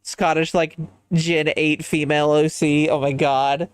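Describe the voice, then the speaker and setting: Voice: mid-range voice, level tone, unhurried, smooth, no echo. A livestreamer chatting casually while designing a character, thinking aloud and answering chat in a musing way.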